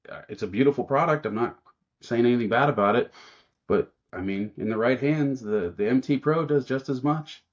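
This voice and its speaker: A man's voice: medium pitch, brisk, lo-fi sound. A man guesting on a podcast as an automotive trainer, telling shop stories in a casual way and acting out the lines of people he quotes. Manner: animated storyteller who acts out quotes.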